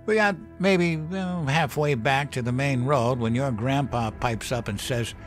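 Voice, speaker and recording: A man voicing a gruff old male storyteller who drinks, talking in a folksy, profane, chuckling way. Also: mid-range voice, a little slow, soft background music, pitched above the performer's own voice, lightly acted. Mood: gruff storytelling.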